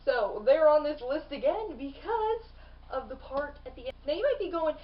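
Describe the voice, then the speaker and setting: A woman's voice: high voice, big pitch swings, moderate pace, distant mic, highs cut off. A young woman chatting casually in a book vlog, bubbly and full of fillers and restarts. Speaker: book vlogger.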